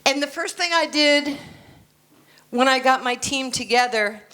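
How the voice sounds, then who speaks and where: A keynote speaker from the United States, a woman in her sixties, gives a motivational talk indoors at a conference. Her high voice is sharp in tone and unhurried, and her manner is blunt and confident with jokes thrown in.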